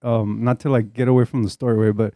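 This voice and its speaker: A man's voice: mid-range voice, little pitch movement, fast, warm tone, no echo, clean studio sound. A man with a Chicano English accent, a podcast host telling a long casual story, profane and laid-back, slipping Spanish slang in.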